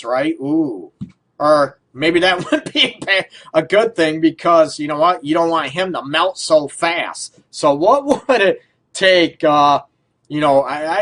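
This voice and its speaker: A male radio host riffs casually into a studio mic, his voice sitting a little on the high side. He rambles through loose questions, padding them with fillers and breaking into chuckles. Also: a bit bright. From Detroit area. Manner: rambling, full of fillers, laughs often. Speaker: radio show host, relationship counselor.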